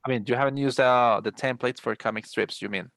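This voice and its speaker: A man with a gravelly, creaky voice walks his students through an English lesson on a video call. His speech is dry and close, with no room sound. He explains patiently, restarting sentences and filling pauses as he goes. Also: mid-range voice, fairly bright tone, no room sound. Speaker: English teacher. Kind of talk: online class instructions.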